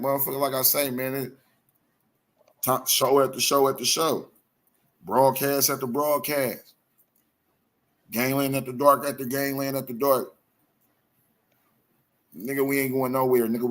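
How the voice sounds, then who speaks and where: A man rants through heated, profane commentary on his own live show. He circles back to the same phrases over and over with raw passion. His voice sits at an ordinary middle pitch. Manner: profane, repetitive, impassioned ranting. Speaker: host of a live online show.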